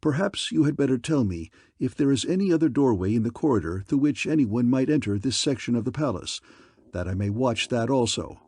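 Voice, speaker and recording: A man voicing a bold young male American warrior who speaks calmly and simply. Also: mid-range voice, fairly quick, slightly rough, dry recording, studio quality. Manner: calm, simple, resolute.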